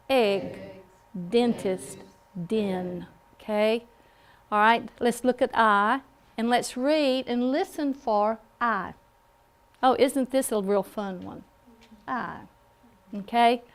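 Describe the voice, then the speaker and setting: A woman's voice: a little high, clear, resonant tone. A woman with a Southern American accent, teaching a phonics class in a classroom and checking in with a patient "okay?". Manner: slow, patient, with frequent "okay?" check-ins. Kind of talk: classroom lesson.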